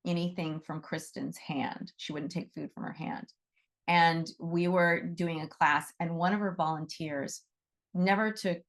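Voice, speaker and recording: Chatty woman teaching a class. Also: low-pitched. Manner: conversational, often checks in with "right?". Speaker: animal Reiki teacher. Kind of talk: casual teaching talk to a class.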